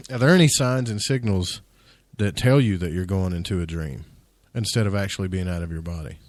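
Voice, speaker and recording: A man's voice: deep voice, fairly quick, darkish tone, dry recording, clean studio sound. A man hosting a radio talk show, chatty and telling his own story, often asking "right?". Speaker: radio host. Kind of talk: casual radio interview.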